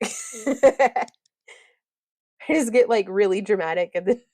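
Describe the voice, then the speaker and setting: A woman's voice: mid-range voice, slow, darkish tone, dry recording. A woman hosting a casual crafting livestream, rambling, giggling often and reading viewer comments aloud.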